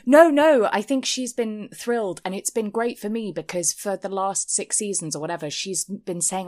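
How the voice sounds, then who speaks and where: A woman's voice: mid-range voice, moderate pace, few pauses, a little mellow. A woman co-hosting a podcast, talking casually and chattily about reality television, often breaking into giggles. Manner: giggly, chatty, restarts the intro with laughter. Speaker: podcast co-host.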